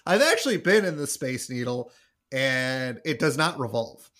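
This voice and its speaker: A man's voice: mid-range voice, sing-song, normal speed, bright, forceful tone. A man co-hosting a podcast, walking through an episode's plot in casual chat with dry joking asides. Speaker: podcast co-host.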